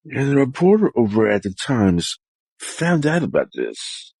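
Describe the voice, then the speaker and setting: A man putting on the voice of an older male president telling a joke in a low, hushed, deadpan way. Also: measured pace, gravelly, breathy edge, dry recording, full character voice.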